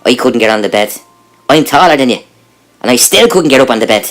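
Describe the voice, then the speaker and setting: A man voicing a small, tearful male leprechaun in a high, squeaky put-on voice. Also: animated, brisk, fairly bright tone, soft background music, close to an everyday voice. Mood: aggrieved.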